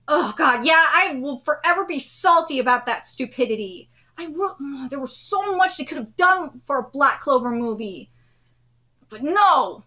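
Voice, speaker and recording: A woman hosting a live manga reaction stream, gushing and swearing as an excitable fan. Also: high voice.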